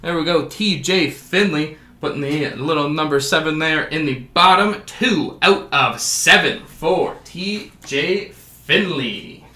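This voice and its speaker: A man's voice: fairly high pitch, slow, bright, forceful tone, echoey room. A man hosting a sports card break, calling out each card and adding jokey asides. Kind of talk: casual card-opening commentary.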